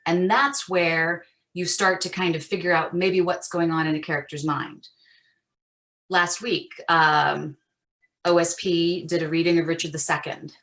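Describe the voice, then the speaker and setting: A woman teaching an acting master class over a video call, chatty and animated with frequent fillers. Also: fairly low pitch, measured pace.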